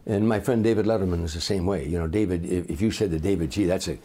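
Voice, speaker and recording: An older man, a comedian, telling lively anecdotes in an interview and acting out the people in them. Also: low voice, quick pace. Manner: animated raconteur, acts out voices. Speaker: comedian guest.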